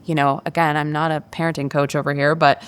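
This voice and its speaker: Woman, podcast guest, casual storytelling, animated, quotes people in character. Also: sits low, quick pace, smooth. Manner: animated, acts out quoted voices, frequent "like" fillers. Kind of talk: candid conversational storytelling.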